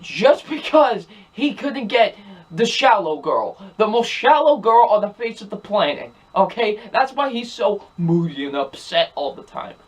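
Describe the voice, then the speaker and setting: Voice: medium pitch, sing-song, measured pace. A film reviewer talking casually in a ranting movie review, exasperated and emphatic, repeating the same points over and over.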